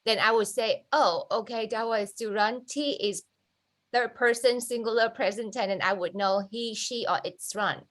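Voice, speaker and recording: A woman's voice: fairly high pitch, moderate pace, fairly bright tone. A woman student in a language class, pressing her teacher with long, probing questions. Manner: probing, argues her point at length.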